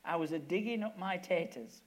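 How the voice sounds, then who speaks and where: A man voicing an old Cornish miner in plain country dialect, speaking slowly and simply. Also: high voice, lightly acted. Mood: homely. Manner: country dialect speech, slow and homely.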